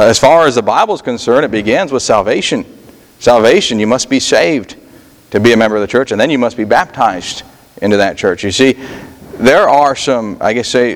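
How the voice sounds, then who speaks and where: A male pastor preaching a sermon in a conversational style, often pausing on fillers and restarting his sentences. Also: mid-range voice, long reverb tail. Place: church sanctuary.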